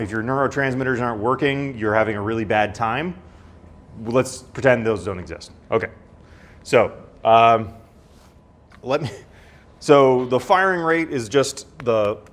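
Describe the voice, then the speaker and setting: A man giving a university lecture in a conversational way, often checking in with "right?" and now and then acting out sudden startled cries. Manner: conversational, with frequent "right?" and restarts; acts out voices with sudden high outbursts.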